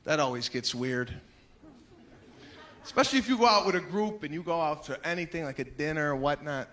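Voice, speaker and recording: A man doing a stand-up comedy routine, exasperated and acting out characters, building to shouts. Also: on the high side, animated, brisk. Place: comedy stage before a live audience. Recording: live show with crowd laughter and noise.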